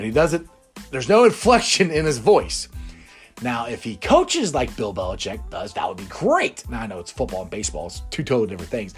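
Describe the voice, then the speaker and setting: Animated, chatty sports show man. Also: fairly high pitch, a little fast, breathy edge, soft background music. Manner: rambling and chatty, laughs often. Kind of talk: casual sports talk.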